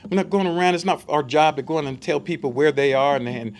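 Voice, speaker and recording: A man's voice: on the high side, fast. A man giving a conversational Bible study sermon, emphatic and full of rhetorical questions for his listeners.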